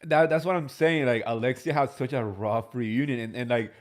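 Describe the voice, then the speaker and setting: A man's voice: mid-range voice, moderate pace. A man hosting a podcast in casual gossip chat, agreeing with his guest in short replies and adding his own takes. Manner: agreeable, short backchannels, some restarts. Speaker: podcast host.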